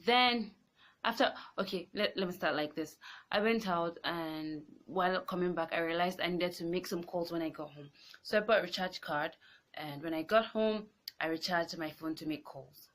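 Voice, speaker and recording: A woman, telling a personal story in an animated, exasperated way. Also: on the low side, normal speed. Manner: animated, rising into exasperated outbursts. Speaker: vlogger. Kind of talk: casual storytelling to camera.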